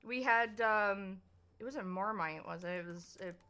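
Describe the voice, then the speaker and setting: A woman's voice: mid-range voice, measured pace, sharp tone, smooth. A woman streaming a visual novel, chatting casually with hesitant fillers and restarts. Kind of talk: casual gaming chat. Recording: faint background music.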